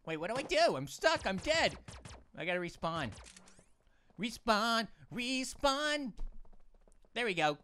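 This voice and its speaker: A man's voice: sits high, very animated, fairly quick, bright, forceful tone, slight background noise. A man hosting a gaming channel, giving goofy let's-play commentary full of puns and talking to the characters on screen. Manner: punning, jokey, talks to game characters. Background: game music.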